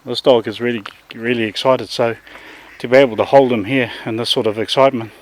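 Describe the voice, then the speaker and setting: A dog trainer with a New Zealand accent chats casually outdoors with his dogs in a vlog, occasionally calling loudly to one of them. His mid-range voice is steady and fairly quick.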